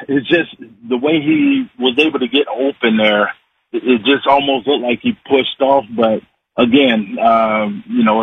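A man's voice: mid-range voice, gravelly. A man in his forties calling in to a radio show, chatting in a folksy, rambling way with lots of fillers. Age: 40s. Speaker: regular guest, sports and recipe commentator. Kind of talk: casual radio chat. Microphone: phone call-in. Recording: tinny phone line with faint hiss.

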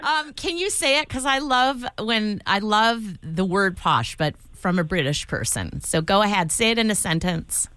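A woman's voice: medium pitch, animated, moderate pace, hardly any pauses, fairly bright tone, clean tone, no echo. A woman hosting a morning radio show, playful and giggly in casual chat with a caller. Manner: playful, giggly, trying out phrases.

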